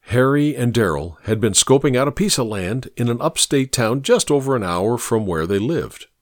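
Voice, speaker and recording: A man narrating an audiobook in a measured, storytelling way. His voice is lively, moving all over in pitch, and the recording is dry and close with no room sound. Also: dry recording.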